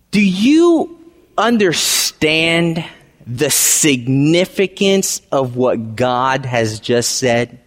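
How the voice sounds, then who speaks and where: A man preaching a sermon, emphatic and repetitive, swinging from hushed lines to shouted ones. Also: medium pitch, big pitch swings, extremely slow. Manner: emphatic, repeats phrases, swings between quiet and shouting. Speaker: pastor. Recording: long hall reverb.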